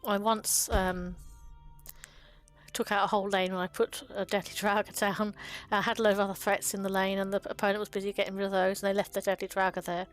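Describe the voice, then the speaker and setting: A woman hosts a video about card game art, chatting casually and fondly with frequent ums and small laughs. Her mid-range voice is flat and fairly quick, with faint music behind her.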